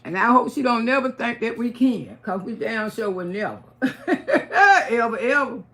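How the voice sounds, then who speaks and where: High gravelly woman live-streaming. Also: animated, brisk, a bit bright. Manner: blunt, profane and emphatic, repeating phrases. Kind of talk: casual live-stream chat with viewers.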